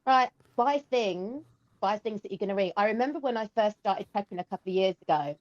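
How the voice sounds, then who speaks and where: A woman's voice: medium pitch, lively intonation, fairly quick, dull audio. A woman from England with an English accent, a podcast guest chatting casually and explaining things with lots of "okay" and "um".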